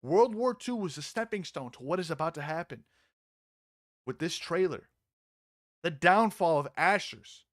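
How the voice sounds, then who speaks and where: Excitable swearing man streaming commentary. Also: a little high, normal speed, long pauses, no echo, studio quality. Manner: excitable and mocking, swearing freely. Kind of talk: casual live-stream commentary.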